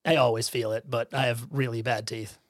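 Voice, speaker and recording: A man co-hosting a tabletop game podcast, chatting casually, excitable and jokey with lots of laughter. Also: medium pitch, brisk. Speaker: podcast co-host. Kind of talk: casual chat.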